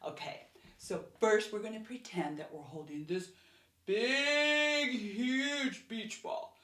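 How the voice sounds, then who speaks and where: A woman's voice: on the high side, slow pace. A woman teaching a ballet class for young children, counting beats and cheering them on with lots of gasps. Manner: animated, gasping, cheerful counting for small children. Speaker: kids' dance teacher. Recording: roomy echo, distant mic, faint music.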